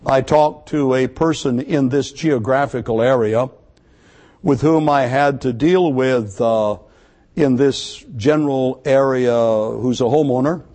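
A man preaching a sermon to his congregation, emphatic, repeating key words and slowing down to stress them. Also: medium pitch, dark tone. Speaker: pastor.

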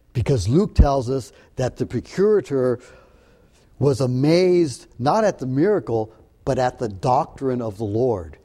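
With a mellow, warm voice of ordinary middle pitch, a preacher works through a Bible passage in sermon form, earnest and searching. His delivery halts often, with stumbles, repeated words and restarts before he continues.

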